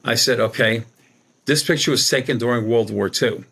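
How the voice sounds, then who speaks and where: Brief: middle-aged male medium guest, colloquial rambling storyteller, mid-pitched. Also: normal speed, vocal fry, a bit bright, slightly rough. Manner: rambling, colloquial, acts out quoted dialogue. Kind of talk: conversational storytelling.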